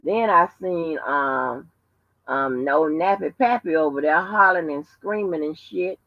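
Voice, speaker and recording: Speaking in a low, unhurried voice, a livestream host at home spins emphatic, profanity-laced stories. There's no room sound, and the audio is dull and lo-fi.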